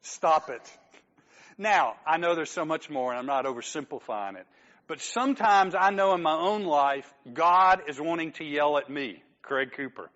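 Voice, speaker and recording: A man's voice: a little high, moderate pace, fairly bright tone, lo-fi sound. A man preaching a sermon as pastor, talking conversationally, joking with the congregation and acting out quoted lines.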